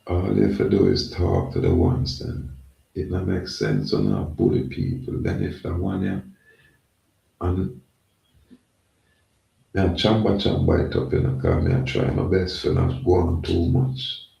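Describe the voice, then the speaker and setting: Guy rambling and repeating himself, dark mellow voice, sounds roomy. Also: sits low, very animated, unhurried, vocal fry, highs cut off. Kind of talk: casual monologue. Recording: echoey, from far off the mic.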